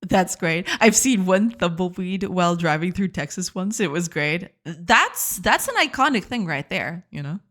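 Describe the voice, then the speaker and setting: A woman's voice: lowish voice, animated, moderate pace, few pauses, a bit bright. A woman streaming her game development live, chatting casually, giggling and stammering in a self-deprecating way. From not from the United States.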